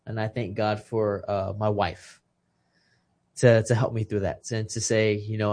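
A man's voice: on the low side, flat delivery, measured pace, a little mellow. A man in his thirties, a retired boxer from Texas, tells a personal story on a podcast with heartfelt emotion, often repeating words as he starts a thought. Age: 30s. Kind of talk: casual conversation.

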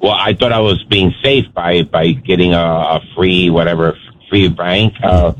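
A man's voice: low voice, fairly even intonation, measured pace, lo-fi sound, slight background noise. A man on a radio talk show telling an earnest story and warning listeners. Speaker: radio co-host.

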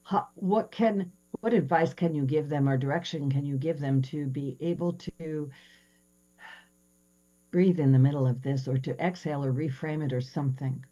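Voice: medium pitch, moderate pace, warm tone, muffled recording. A podcast host asking rambling, affirming questions in an interview.

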